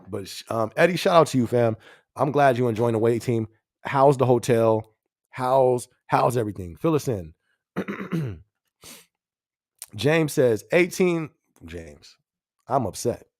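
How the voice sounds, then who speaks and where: A man hosts a casual live-stream podcast, chatting in slang, laughing a lot and repeating his phrases. His voice is mid-range, with clean studio sound and no room sound.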